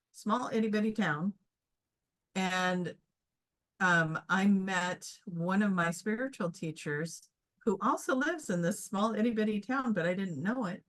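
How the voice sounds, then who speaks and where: A woman's voice: fairly low pitch, fairly bright tone. A woman chatting casually as co-host, earnest and reflective as she shares a story. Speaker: QHHT practitioner, co-host.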